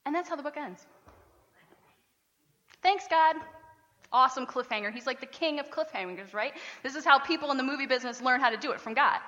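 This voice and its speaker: A woman pastor preaching a sermon in a chatty, animated way, often laughing between points. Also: high-pitched, brisk, dull audio. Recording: reverberant church hall.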